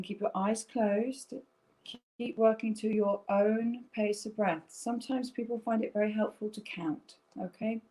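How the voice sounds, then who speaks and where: A woman's voice: medium pitch, low-quality recording. Soothing woman guiding breathing exercises. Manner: soft, slow and soothing, with gentle check-ins. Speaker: yoga teacher. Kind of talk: guided breathing instruction. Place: home, via online stream.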